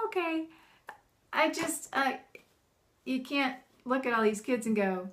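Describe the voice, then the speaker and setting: With a somewhat high voice, she takes her time and leaves long pauses. She's a homeschooling mom addressing the camera casually, full of energy and laughter, acting out both the bossy and the cheerful voices she uses on her kids.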